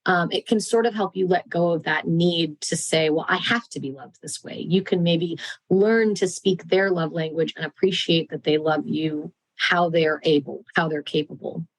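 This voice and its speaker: A woman who teaches human sexuality, guest on a podcast, explaining relationship ideas at length and acting out quoted voices with jumps in pitch. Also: moderate pace, no room sound, low-quality recording. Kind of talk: casual podcast chat.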